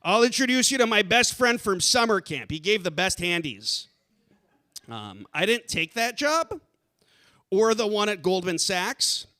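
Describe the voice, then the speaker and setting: High bright comic on a mic onstage, dry self-roasting, swings up loud into rants. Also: male voice, unhurried. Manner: deadpan, self-deprecating, bursts into shouted rants. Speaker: stand-up comedian. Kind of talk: live stand-up set. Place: comedy theater stage.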